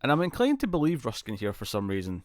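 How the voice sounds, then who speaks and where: A man's voice: medium pitch, huge pitch swings, fast talker, no echo, studio quality. Rambling British man reviewing TV. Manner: rambling, acts out characters' lines with laughs. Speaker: podcast co-host. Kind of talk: casual TV review chat.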